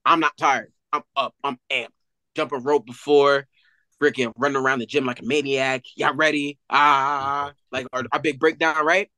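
A young man, an athlete guest, telling a story in an animated casual way with many fillers. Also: medium pitch, moderate pace, no room sound, rough recording.

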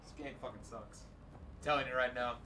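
A man doing live gameplay commentary as a streamer, profane and frustrated, breaking into loud shouts. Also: medium pitch, fairly even intonation, a little fast. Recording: noisy stream audio.

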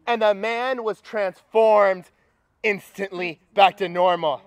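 High-voiced young man preaching. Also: slow. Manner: energetic, rallying the crowd. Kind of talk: sermon. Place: campus retreat gathering.

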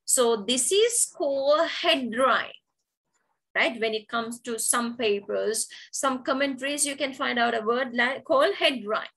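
A woman's voice: on the high side, measured pace, a bit bright, low-quality recording. A woman teacher giving an online poetry lesson, explaining terms step by step and repeating key words. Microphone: video call.

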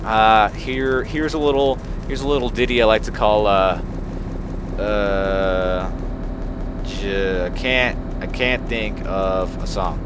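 A young man doing casual let's play commentary, playful and excitable, laughing often and trying silly accents. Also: on the low side, takes it slowly, background noise. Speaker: gaming video creator.

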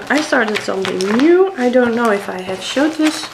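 A woman's voice: a little high, animated, measured pace, gravelly, roomy sound, heavy background noise. A middle-aged Dutch woman speaking English with a Dutch accent, chatting hesitantly as she shows her cross-stitch projects at home. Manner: chatty, hesitant, many fillers. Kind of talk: casual show-and-tell.

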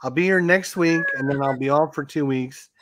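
Chatty stream host, higher voice. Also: male voice, slight background noise. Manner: chatty, quick to tease. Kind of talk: casual live-stream chat.

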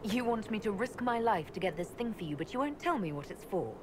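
A woman's voice: medium pitch, animated, fairly quick, close to an everyday voice. An actress voicing a direct, practical female hero in a video game, blunt and matter-of-fact. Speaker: player character. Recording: game audio with background noise.

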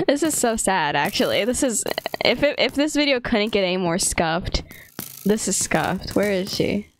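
A woman's voice: medium pitch, animated, unhurried, a little hiss or hum, low-quality recording. A young woman giving casual, playful commentary while playing a game with a friend, laughing often and joking at her own expense. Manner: giggly, playful, self-mocking. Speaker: gamer.

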